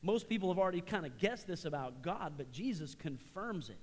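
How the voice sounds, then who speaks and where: A middle-aged male pastor preaching a sermon in a church, conversational, rising to emphatic high points and dropping to soft, hushed lines. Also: expressive, brisk. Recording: long reverb of a large hall.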